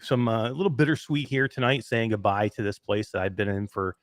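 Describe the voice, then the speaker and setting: A man with a New York accent hosting a live podcast chat from his home, excitable and rambling with fillers. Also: on the low side, a little fast, no room sound, clean studio sound. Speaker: host. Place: emptied home den.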